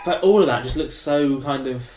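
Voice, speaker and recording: A man's voice: medium pitch, moderate pace. Wry man, echoey room. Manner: short reactions, wry questions. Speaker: podcast co-host. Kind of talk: casual chat.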